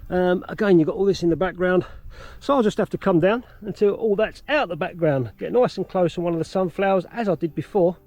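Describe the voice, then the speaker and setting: A man's voice: sits high, fairly quick, few pauses, a little mellow, no echo. A man vlogging casually outdoors in fields about film photography, chatty and self-deprecating, out of breath from cycling. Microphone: action camera.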